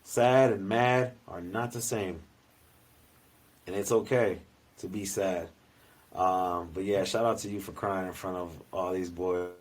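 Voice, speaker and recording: A man's voice: sits low, a little slow, low-quality recording. A man co-hosting a podcast, telling stories casually and animatedly, swearing and acting out what people said. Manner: animated storyteller, profane, acts out quotes. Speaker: podcast co-host. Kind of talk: casual chat.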